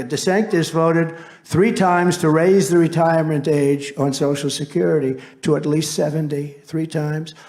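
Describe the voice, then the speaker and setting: A man's voice: fairly high pitch, darkish tone. A man who is a political candidate, giving a campaign rally speech in a rambling, boastful way with asides to the crowd.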